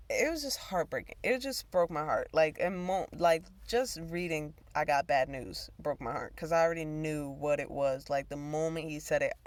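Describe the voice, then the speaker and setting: Here a woman with a deep voice, recorded without echo, hosts her own talk show. She's telling a personal story, wandering off track, swearing freely, and laughing in bursts as she goes.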